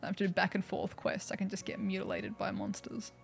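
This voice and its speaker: A woman's voice: mid-range voice, little pitch movement, a little fast, gravelly, faint music behind. A woman streaming a video game, chatting casually, thanking viewers and making wry asides. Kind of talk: casual livestream commentary.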